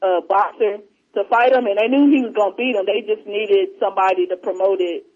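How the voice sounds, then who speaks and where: A man chatting casually and retelling movie scenes in a rambling, animated way. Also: high voice, brisk. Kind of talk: casual chat. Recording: muffled lo-fi audio.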